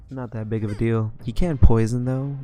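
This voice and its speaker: A man's voice: mid-range voice, lively intonation, measured pace, fairly bright tone. A young man giving casual commentary on a game he is playing, rambling along with plenty of fillers. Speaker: let's play gamer.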